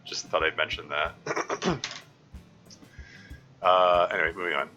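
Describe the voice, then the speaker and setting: A man streaming a game live, reading messages aloud and answering chat in a rambling, halting way. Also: deep voice, bright, forceful tone, highs cut off, soft background music. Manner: rambling, halting, full of restarts.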